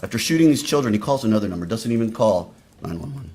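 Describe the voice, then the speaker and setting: A man giving a prosecutor's opening statement to a jury, speaking deliberately and straight to the jurors. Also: on the low side, expressive, mellow. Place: courtroom. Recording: echoey courtroom audio.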